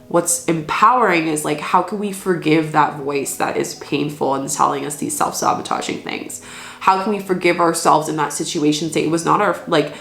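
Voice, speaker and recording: Lady doing a soothing card reading, lowish voice, kinda echoey room. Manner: earnest, soothing, with frequent restarts. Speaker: spiritual card reader. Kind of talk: casual spoken card reading.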